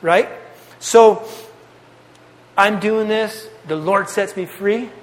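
A young man giving a casual, animated testimony to a youth group, telling his story with slang. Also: high-pitched, slow. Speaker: youth speaker. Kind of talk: testimony sermon. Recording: long hall reverb.

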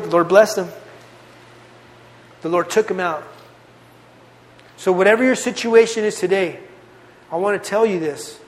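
A man preaching a youth sermon in an earnest, conversational way, often repeating phrases for emphasis. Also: high-pitched. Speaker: youth pastor. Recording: long reverb of a hall.

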